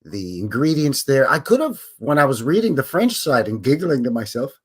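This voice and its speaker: Medium in pitch, slightly rough, and sing-song at a moderate pace, a Canadian livestream host chats loosely with his viewers, telling jokes, rambling, and chuckling to himself.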